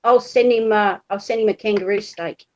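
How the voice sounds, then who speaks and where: A woman's voice: medium pitch, fairly even intonation, normal speed. An Australian woman chatting casually, laughing often and teasing the others. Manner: laughing, teasing, self-mocking. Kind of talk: casual chat. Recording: dull lo-fi sound.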